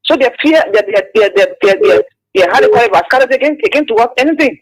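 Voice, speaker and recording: A man's voice: very high voice, lively intonation, fast talker, rough recording. A man calling in to a radio show, defiant and stammering through repeated words. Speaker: caller.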